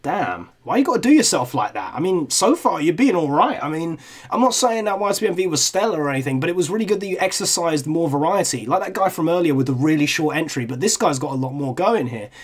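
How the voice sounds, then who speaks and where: A man's voice: fairly high pitch, lively intonation, fast, husky. Candid young man reviewing videos. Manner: candid, casual, swears freely. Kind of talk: reaction commentary.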